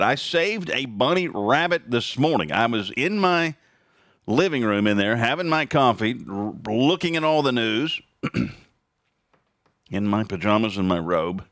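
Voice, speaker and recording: Animated sarcastic man, dry close sound. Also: measured pace, no echo. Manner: animated, sarcastic, jumps high in pitch for emphasis. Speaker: podcast host. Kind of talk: casual opinion monologue. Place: at home.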